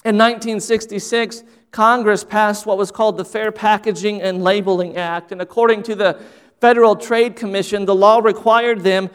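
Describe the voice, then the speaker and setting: High-voiced preacher in a reverberant church. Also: male voice, fairly even intonation, normal speed, a bit bright, clean tone. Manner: earnest preaching with repeated phrases. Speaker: pastor. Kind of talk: sermon. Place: church sanctuary. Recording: long hall reverb.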